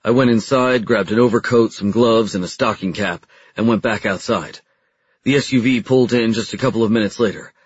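A man's voice: fairly low pitch, fairly quick, slightly rough, dry recording, highs cut off. A man narrating a first-person audiobook in a plain, matter-of-fact way.

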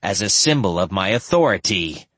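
Dude doing a whiny bratty young prince in an audiobook, dry close sound. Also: male voice, low-pitched, lively intonation, moderate pace, a bit bright, no echo. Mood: whining. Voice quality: whining. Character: whining spoiled young prince regent.

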